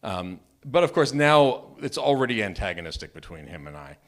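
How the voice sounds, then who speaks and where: A married man telling a true personal story at a live open mic, animated and self-mocking, often restarting his sentences. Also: lowish voice, normal speed. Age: adult, married. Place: storytelling venue, live event.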